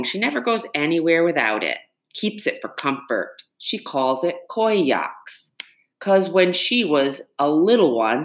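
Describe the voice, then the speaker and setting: A woman voicing a nervous mother explaining quickly. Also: sits low, pitched above the performer's own voice, full character voice. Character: nervous mother telling a quick cover story. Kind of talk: audiobook character reading.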